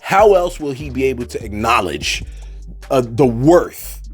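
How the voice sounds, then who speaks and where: A man's voice: mid-range voice, lively intonation, unhurried, faint music behind. A man casually commenting on celebrity gossip, digressing into preachy asides and mock-quoting people. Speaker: commentary host.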